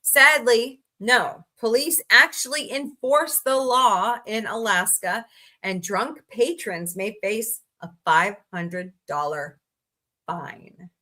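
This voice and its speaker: A woman's voice: a little high, slow pace, sharp tone. A woman hosting a comedy livestream, reading odd laws aloud with sarcastic asides and greeting viewers in chat by name. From United States.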